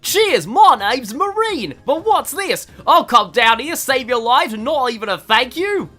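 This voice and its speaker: Man doing a brash raccoon girl, exaggerated Australian accent, high lively slangy shouts, bright edge. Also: measured pace, exaggerated voice. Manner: over-the-top slangy, shouty exclamations.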